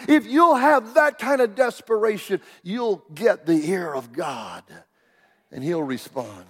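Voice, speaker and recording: A man, preaching a sermon with stammering restarts, swinging between loud cries and hushed whispers. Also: sits high, lively intonation, normal speed. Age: 60s. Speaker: pastor. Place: church sanctuary. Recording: long hall reverb in a church.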